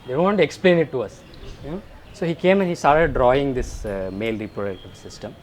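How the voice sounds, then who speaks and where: A young man with an Indian English accent doing animated stand-up comedy, slipping into mock voices. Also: mid-range voice, quick pace. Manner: animated storytelling, puts on mock voices for laughs. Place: school alumni event hall. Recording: live room with crowd laughter and background noise.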